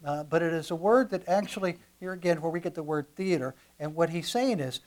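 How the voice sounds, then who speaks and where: Animated male pastor preaching a sermon. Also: a little high, brisk, few pauses. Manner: animated, swings from quiet to loud emphasis; repeats words when restarting.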